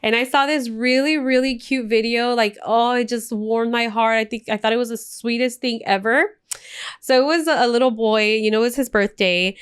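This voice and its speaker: A woman's voice: a little high, clear, resonant tone. Chatty, emotional woman podcast host. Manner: chatty, emotional storyteller mixing in Spanish phrases. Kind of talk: casual podcast chat.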